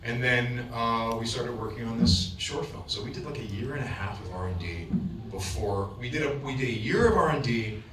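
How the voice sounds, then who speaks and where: A man guest on a convention panel, telling his story in a casual, animated way, often restarting his sentences. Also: mid-range voice, moderate pace, a crowd in the background. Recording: echoey, distant mic with room noise.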